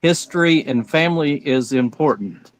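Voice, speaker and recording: A man's voice: a little high, lively intonation, moderate pace, rough recording. Earnest man talking family history. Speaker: guest. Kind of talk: casual chat.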